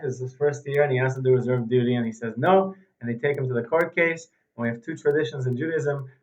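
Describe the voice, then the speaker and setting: A man teaching an informal religious lesson as a rabbi, telling stories and repeating phrases for emphasis. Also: mid-range voice. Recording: dull, muffled recording.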